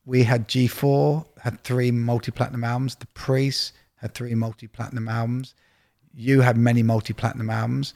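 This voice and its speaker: A man with a gravelly, fry-edged voice at a middle pitch, chatting in a relaxed sit-down conversation. He tells quick stories and acts out the dialogue inside them. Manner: storytelling, quick anecdotes with quoted dialogue. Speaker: record label executive.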